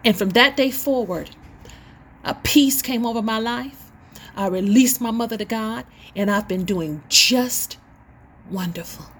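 A woman's voice: a little high, measured pace, fairly bright tone, slightly rough. Impassioned woman preaching a testimony. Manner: impassioned, preacherly, rising and falling emphasis. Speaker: host and inspirational speaker. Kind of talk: spoken sermon-style testimony.

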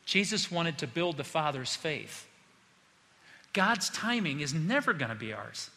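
A man's voice: a little high, big pitch swings, a little slow, sharp tone. A male pastor preaching an impassioned sermon, acting out the voices he quotes. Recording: long hall reverb.

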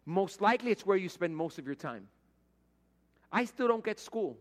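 Middle-aged male pastor, higher-pitched voice, chatty storytelling sermon style, long hall reverb. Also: sing-song, normal speed. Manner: storytelling, conversational, acts out quoted voices.

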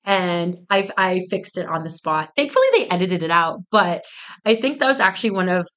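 Lively, laughing young woman telling a story. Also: fairly low pitch, fairly quick. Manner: animated, laughs often, many "like" fillers. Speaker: guest, tea business co-founder. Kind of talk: storytelling in a podcast interview.

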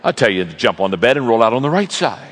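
A man preaching a sermon, telling stories with lively energy and acting out the people in them. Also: medium pitch, quick pace, in a large hall. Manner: animated storytelling, acting out characters. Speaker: guest speaker.

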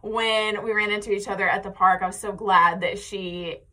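A woman's voice: mid-range voice, fairly even intonation, moderate pace, pushed and bright. An American woman in her thirties hosting a podcast in casual, chatty talk and laughing often. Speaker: podcast host. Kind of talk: casual chat.

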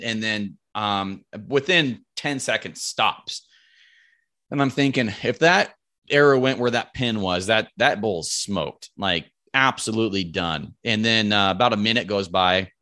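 Animated bow hunter man telling stories. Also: lowish voice. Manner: animated, acts out quoted lines, swears casually. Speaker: podcast guest, bow hunter. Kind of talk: casual storytelling.

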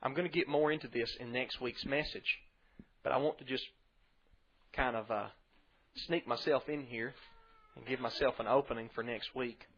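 A man delivers a sermon in an earnest, preaching manner and rises in volume when he reads scripture. His voice sits in a middle pitch. The recording is muffled and lo-fi. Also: fairly even intonation, normal speed, long pauses, slight background noise. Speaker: pastor.

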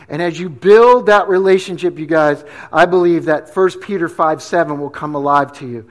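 A man with a notably high voice preaches a sermon to his congregation. He keeps it relaxed and conversational and drops in slang asides as he goes. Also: moderate pace, hardly any pauses. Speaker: pastor.

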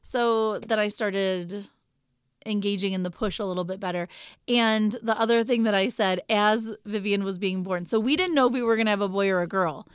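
A woman co-hosting a podcast in casual chat, telling a story with lively acted-out quotes. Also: mid-range voice, normal speed, clean tone, no echo. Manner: animated storyteller, acts out quotes. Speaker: podcast co-host.

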